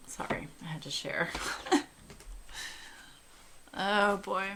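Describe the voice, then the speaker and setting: A woman's voice: mid-range voice, lively intonation, very slow, long pauses, a bit bright. A woman in her forties chatting casually and gushingly to her viewers while she colors. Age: 40s. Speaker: coloring channel host.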